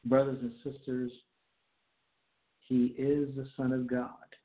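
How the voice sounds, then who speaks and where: Slow, deliberate male preacher, echoey tinny sound. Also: mid-range voice, monotone. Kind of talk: sermon with scripture reading.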